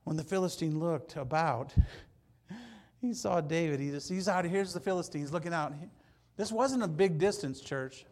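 Animated preacher, slightly high voice. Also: male voice, normal speed. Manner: animated storytelling, acting out scenes, swings from loud to hushed. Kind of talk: sermon.

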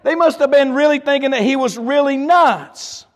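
A man preaches from the pulpit in a strikingly high voice. He drops low, then swells on slow, stressed words. The sanctuary rings with a long reverb. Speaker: pastor. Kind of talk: sermon. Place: church sanctuary.

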